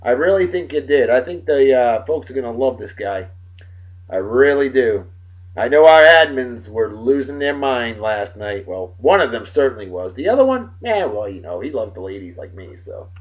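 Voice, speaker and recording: A man hosting a daily beer and song show in a rowdy, casual way, loud and excitable, swearing and joking, swinging from shouting to muttering. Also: mid-range voice, normal speed, dull audio.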